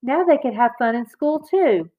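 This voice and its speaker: A woman narrating a children's chapter book aloud in a clear, expressive read-aloud manner. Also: high voice, normal speed. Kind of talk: children's audiobook reading. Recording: slightly dull, lo-fi recording.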